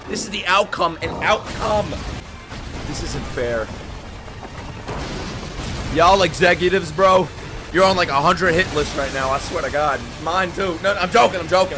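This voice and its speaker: A young man reacting to an anime, shouting, swearing and laughing in excited commentary. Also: high voice, a little slow, pauses often, music in the background. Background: anime soundtrack playing.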